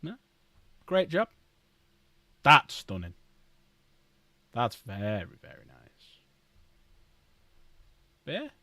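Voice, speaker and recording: A man's voice: medium pitch, wildly swooping pitch, slow pace, pauses often, bright, forceful tone, dry recording. Chatty man, dry close sound. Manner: rambling, chatty, talks to chat. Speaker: streamer. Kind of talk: casual live-stream chat while building models.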